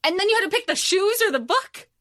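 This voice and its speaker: A woman with a bright, fairly high voice co-hosts a casual podcast. She is heated and emphatic and swears a lot. The sound is dry and close. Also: animated, fast talker, no echo. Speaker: podcast co-host. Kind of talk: casual chat.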